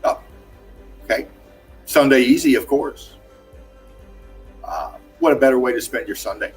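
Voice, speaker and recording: Effusive man giving shout-outs. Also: medium pitch, unhurried. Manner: effusive, calls viewers darling, laughs often. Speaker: livestream host. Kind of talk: casual livestream shout-outs. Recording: faint music behind.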